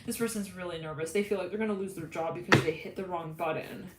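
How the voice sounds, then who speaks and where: A woman's voice: fairly low pitch, fast, roomy sound, heavy background noise. A woman giving a live tarot reading, rambling and giggly as she relays what she is hearing. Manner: rambling, giggly, channeling messages. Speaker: tarot reader.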